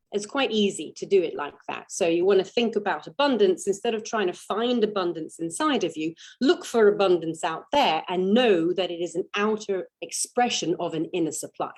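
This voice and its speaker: A woman giving a spiritual teaching in a slow, deliberate, meditative way, leaning on single words for emphasis. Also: fairly low pitch, darkish tone, husky.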